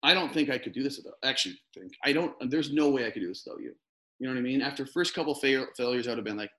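A man's voice: mid-range voice, animated, rapid-fire, fairly bright tone. A man talking as a podcast guest in casual interview chat, earnest and rambling, often restarting his sentences.

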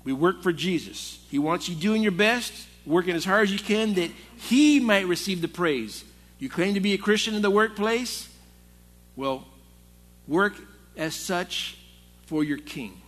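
A man's voice: high-pitched, lively intonation, measured pace, a bit bright. A male pastor preaching to a men's Bible study in a conversational, storytelling way. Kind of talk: sermon. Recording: long hall reverb.

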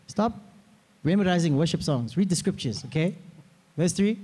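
A man preaching a sermon as pastor, in a lively way, often asking the congregation to repeat words after him. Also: high voice, moderate pace, long pauses. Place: church hall. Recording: long hall reverb.

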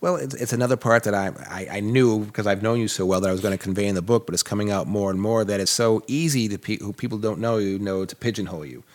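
Boston man, lowish voice, earnest long-winded talker. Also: fast talker, few pauses. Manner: earnest, repetitive restarts, long explanations. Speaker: co-host and book co-writer. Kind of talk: casual chat.

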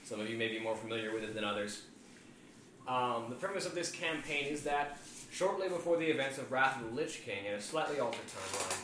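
A man running a tabletop game as game master, explaining the setting in a relaxed way. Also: medium pitch. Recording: echoey room, distant mic, faint noise.

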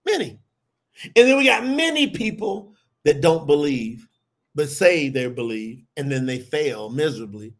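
High, gravelly-voiced preacher man. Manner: animated, addresses the audience as y'all. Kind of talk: sermon.

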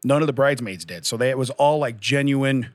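A man's voice: mid-range voice, fairly quick, no room sound. A man in his forties telling long, rambling stories and laughing often as a podcast host in casual chat.

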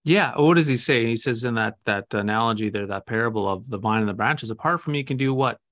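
A man who serves as a Lutheran pastor, talking about faith in an easygoing back-and-forth. He speaks earnestly and with emphasis, often tossing out rhetorical questions. His voice sits at an ordinary middle pitch. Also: fast talker, a bit bright. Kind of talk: casual conversation about faith.

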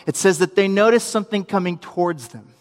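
Young male preacher with a high voice, animated storyteller, long room echo. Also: fairly quick. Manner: storytelling, animated, acts out quotes, humorous asides. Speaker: preacher, youth minister. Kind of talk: sermon.

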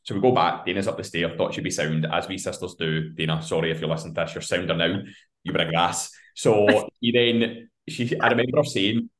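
Scottish man, slightly low voice, podcast co-host, casual storytelling, sweary, laughing. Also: fairly quick. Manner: swears freely and laughs through his anecdotes.

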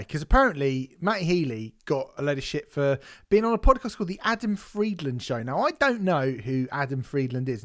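Man, 30s, podcast co-host, casual chat, rambling, laughs a lot, slightly high voice. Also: a bit bright. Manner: rambling, laughs often, trails off and restarts.

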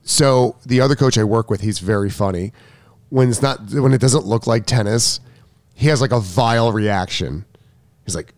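A man's voice: mid-range voice, lively intonation, moderate pace, dry recording, clean studio sound. A middle-aged man, a tennis coach, chatting casually and rambling, often restarting sentences and acting out quotes. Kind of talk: casual chat.

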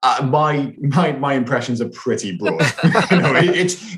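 A man in easygoing podcast banter, rambling along in a jokey way. His voice sits at an ordinary pitch and carries a noticeable roomy echo. The mic picks up plenty of the room around him. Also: lively intonation, unhurried, few pauses, fairly bright tone. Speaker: podcast co-host. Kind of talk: casual film podcast chat.

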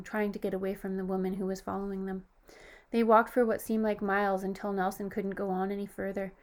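A woman narrates a horror story in a steady, scripted reading. Her voice sits at a middle pitch and stays flat, with little rise and fall. She lifts it only a little when she quotes a character. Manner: even, steady storytelling with lifted quoted lines.

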